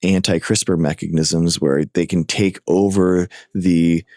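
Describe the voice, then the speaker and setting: A man hosting a live stream, chatting casually with callers and explaining science in a hesitant, halting way. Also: deep voice, fairly even intonation, a little mellow, no echo, clean studio sound. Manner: hesitant, halting, many fillers and restarts. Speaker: livestream host.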